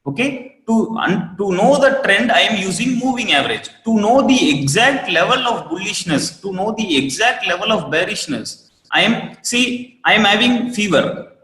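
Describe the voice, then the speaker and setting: A man with an Indian English accent teaching a live online trading class, repeating each point and asking students for a quick yes. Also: high voice, animated, sharp tone. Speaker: trading course instructor. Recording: roomy echo with long reverb.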